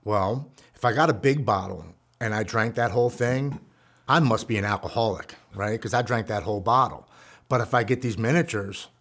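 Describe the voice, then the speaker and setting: Earnest man in his forties, low voice. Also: normal speed, a bit bright. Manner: earnest, raw and heartfelt, reliving painful memories. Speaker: guest speaker sharing a recovery story. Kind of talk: personal storytelling.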